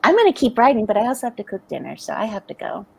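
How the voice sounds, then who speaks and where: A woman's voice: a little high, very fast, creaky, slight background noise, low-quality recording. A middle-aged American woman co-hosting a writing livestream, chatting casually and telling stories with frequent laughter. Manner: chatty storyteller, laughs often, animated. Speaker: livestream co-host. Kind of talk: casual chat.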